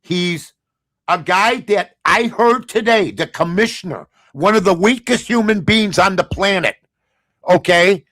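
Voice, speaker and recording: A man hosting a sports talk show, ranting bluntly and sarcastically, swinging between low mutters and loud outbursts. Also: a little slow, dry recording. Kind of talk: opinionated sports talk rant.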